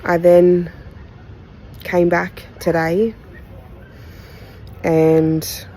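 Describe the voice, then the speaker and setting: A woman from Australia hosting a podcast, giving a candid, heartfelt retelling of a personal story in halting phrases with pauses. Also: low voice, mellow, a little hiss or hum, poor audio. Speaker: podcast host.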